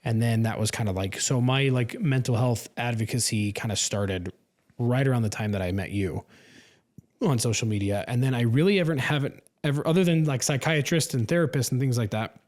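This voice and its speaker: A middle-aged man co-hosting a podcast, relaxed and reflective, laughing easily. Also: mid-range voice, a little fast. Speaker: podcast co-host. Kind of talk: casual podcast chat.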